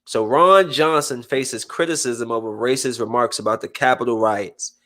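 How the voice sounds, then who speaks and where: This podcast host's voice sits at medium pitch and moves at a moderate pace. Chatting casually, he gets animated and does voices for anyone he quotes.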